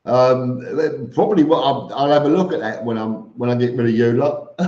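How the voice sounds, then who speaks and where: This is a middle-aged vlogger from East London, England, chatting casually on a live stream and answering viewers in a blunt, rambling way with lots of ums and restarts. He speaks with a London accent in a medium-pitched, dark voice at a slightly slow pace, and the recording is roomy and a bit dull.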